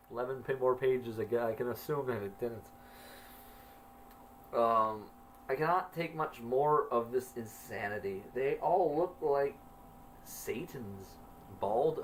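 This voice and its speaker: A man's voice: mid-range voice, distant mic, slight background noise, low-quality recording. A man reading his own journal entries aloud, stiffly, then breaking off into loose, swearing asides.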